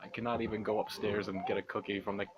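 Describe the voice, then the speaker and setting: A young man telling a long story as he plays a video game, rambling, swearing and mocking himself, speaking softly because it is late at night. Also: on the low side, flat delivery, quick pace, very noisy. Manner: rambling, profane, self-mocking, laughs often. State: talking quietly at night. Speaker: gaming channel host. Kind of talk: casual storytelling over gameplay.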